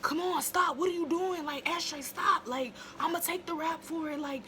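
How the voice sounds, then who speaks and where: A woman's voice: very high-pitched, normal speed, bright, forceful tone, a little hiss or hum, pitched above the performer's own voice. A woman voicing a frantic grown man who keeps pleading with a boy to stop, panicked and repetitive.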